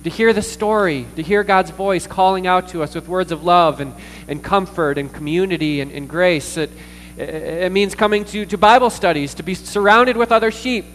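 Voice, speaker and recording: Earnest pastor preaching in a reverberant hall. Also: male voice, high voice, fairly bright tone. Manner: earnest, pausing with fillers and repeated words. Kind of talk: sermon. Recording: distant reverberant hall with mains hum.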